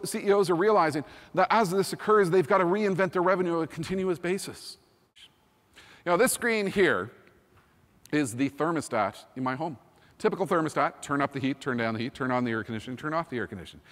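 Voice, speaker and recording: A man in his fifties giving a keynote talk, energetic and emphatic, often repeating "think about" and "you know". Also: fairly high pitch, quick pace. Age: 50s. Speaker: keynote speaker. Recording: long hall reverb.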